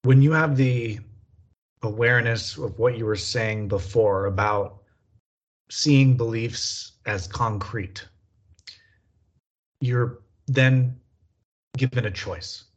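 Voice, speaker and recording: Guy talking real slow and careful, thinking out loud, muffled lo-fi audio. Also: mid-range voice. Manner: slow, halting, measured phrasing. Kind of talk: reflective conversation. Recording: dull lo-fi sound.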